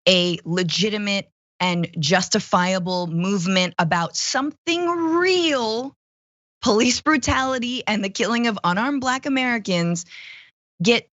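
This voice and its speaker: A woman in her thirties talks politics with animated passion, her opinions spilling out in quick runs and asides. Her voice sits at a middle pitch. The sound is dry and close, with slightly muffled highs. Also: dry recording. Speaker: guest co-host, political commentator. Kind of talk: casual political commentary.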